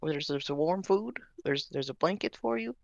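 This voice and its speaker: A kind ten-year-old halfling boy talks in a gentle, stammering way, as a tabletop player plays him. His voice has a gravelly, creaky edge at mid pitch. The recording is dry. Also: animated, normal speed, no room sound, lo-fi sound.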